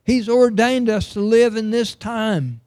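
A man's voice: sits high, unhurried, a little mellow, dry recording. A middle-aged man preaching a sermon, earnest and emphatic, reading scripture aloud.

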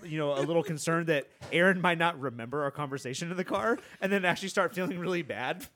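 A quick-talking man with a slightly high voice tells his side of a story on a podcast, candid and chatty. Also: fairly bright tone. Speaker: podcast co-host. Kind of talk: casual chat.

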